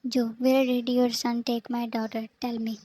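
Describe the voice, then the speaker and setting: A woman reading the lines of a worried middle-aged father in a fanfic story, in a flat, even way. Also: fairly high pitch, normal speed, dry recording, lightly acted, poor audio.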